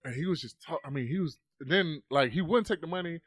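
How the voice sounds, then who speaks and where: A man's voice: fairly high pitch, a little fast, fairly bright tone, breathy edge, dry recording. A man, a podcast guest, telling a story casually into a close mic. He swears often and acts out the voices.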